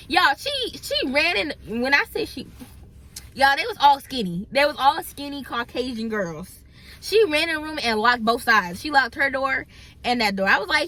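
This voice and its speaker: A young woman, telling viewers a storytime in an animated, chatty way. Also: high-pitched, a little fast. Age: young adult. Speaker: vlogger. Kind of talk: storytime vlog.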